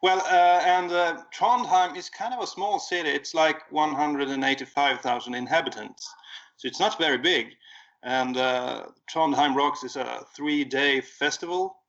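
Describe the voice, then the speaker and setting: A man's voice: on the high side, unhurried, fairly bright tone. A man chatting casually as a regular podcast guest, telling a story in an easygoing way with frequent fillers. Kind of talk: casual chat. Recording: dull lo-fi remote audio.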